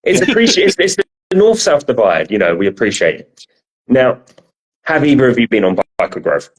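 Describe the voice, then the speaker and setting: A man's voice: mid-range voice, sing-song, a little fast. A man with a South London accent co-hosting a podcast in casual chat, teasing and self-deprecating, with some swearing. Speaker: podcast co-host.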